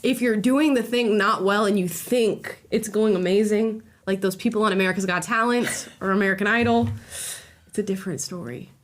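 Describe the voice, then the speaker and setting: Animated woman co-hosting a chat. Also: medium pitch. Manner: animated, opinionated, quick to laugh. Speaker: podcast co-host. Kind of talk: casual reaction chat.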